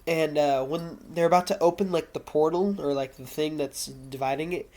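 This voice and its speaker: A man's voice: on the high side, fairly even intonation, moderate pace, a little mellow. A man talking casually into his camera at home, reviewing a TV episode and recapping the plot, rambling with lots of fillers and self-corrections.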